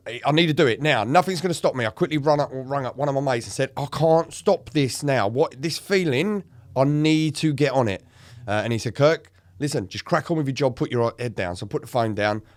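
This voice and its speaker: A man in recovery co-hosts a podcast and frankly describes his own experiences, cursing, getting emotional, and acting out quoted lines. The recording is dry, and his voice is mid-range.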